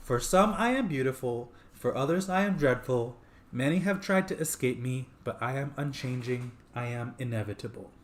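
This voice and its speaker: A grieving man who mimics his lost fiancée in a sweet, raised, doting voice, as a man reads it out. The tone is affectionate and gentle, pitched well above his own speech. It comes from a game script read aloud. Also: animated, moderate pace, slight background noise, close to an everyday voice. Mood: wistful. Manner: sweet, affectionate, high put-on voice.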